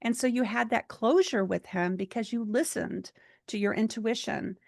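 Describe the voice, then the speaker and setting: A woman's voice: fairly high pitch, moderate pace, vocal fry, no room sound, clean studio sound. A woman voicing a kind female psychic mentor who speaks in a soothing, affectionate, reassuring way.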